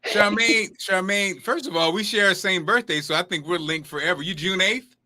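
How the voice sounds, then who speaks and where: A man's voice: sits high, moderate pace, bright, forceful tone. A man hosting a talk show, asking the guest questions and affirming her answers. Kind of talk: casual talk show chat.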